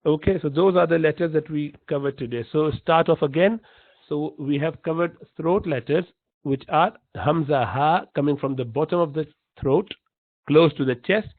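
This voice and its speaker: A man teaching pronunciation in a slow, patient lesson, repeating each sound to demonstrate it. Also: fairly high pitch, dry recording. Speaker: Quran recitation teacher. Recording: dry, tinny phone-like line.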